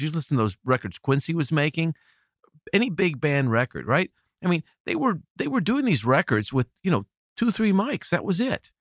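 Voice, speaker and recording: During a casual interview, a middle-aged American who produces records tells stories animatedly, laughing easily and restarting many sentences. The medium-pitched voice comes through a dry, studio-quality recording.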